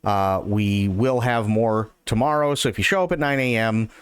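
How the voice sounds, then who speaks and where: A man's voice: fairly low pitch, moderate pace, clear, resonant tone, no room sound, lightly acted. A man voicing a patient male grocery clerk in a spoken joke, polite but worn thin. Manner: politely exasperated. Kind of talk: joke telling.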